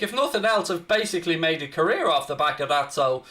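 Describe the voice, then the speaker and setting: A man's voice: a little high, expressive, quick pace, sharp tone. A man, hosting a live football watchalong with brash, crude, mock-boastful banter. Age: 30s. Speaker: host.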